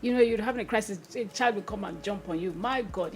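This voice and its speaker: A woman speaking candidly as a podcast guest, expressive and quick to laugh, her voice swinging from soft to loud. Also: mid-range voice. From Nigeria. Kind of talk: candid conversational interview.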